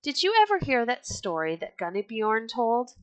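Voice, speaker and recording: A woman's voice: fairly high pitch, sing-song, normal speed, no echo, pitched above the performer's own voice, low-quality recording. Eric the Red, a boisterous Viking chieftain, read by a woman. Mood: excited. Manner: hearty, declaiming. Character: bold red-bearded Viking chieftain, hot-tempered and boisterous.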